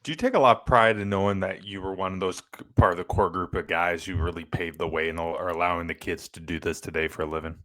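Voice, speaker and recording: A man's voice: deep voice, steady tone, fast talker, few pauses, pushed and bright. A man hosting an interview, asking long, joking questions. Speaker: interviewer, host.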